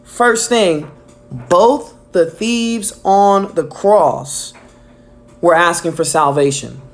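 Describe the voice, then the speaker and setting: A man's voice: high voice, extremely slow. A man delivering a casual weekly devotional message, enthusiastic and filling his talk with "man" and "um". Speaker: preacher.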